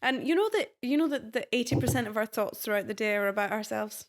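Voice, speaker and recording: Animated young Scottish woman, higher voice. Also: fast talker. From Scotland. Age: 20s. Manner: chatty and animated, laughing easily. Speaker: guest. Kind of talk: casual interview chat.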